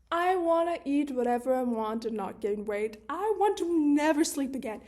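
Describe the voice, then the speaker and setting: A woman's voice: high voice, darkish tone. A young woman talking frankly to camera in a casual monologue, swearing freely and filling her talk with "like". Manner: candid, swears freely, chatty with many "like" fillers. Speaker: video creator.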